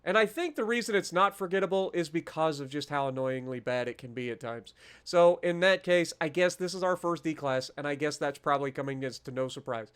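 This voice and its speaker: A man with a fairly high voice hosts his own gaming channel. He talks through his rankings in a loose, chatty way, with plenty of fillers and restarts. He pokes fun at himself as he goes. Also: brisk, hardly any pauses, a bit bright, smooth. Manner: chatty, self-deprecating, many fillers and restarts. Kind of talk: casual gameplay commentary.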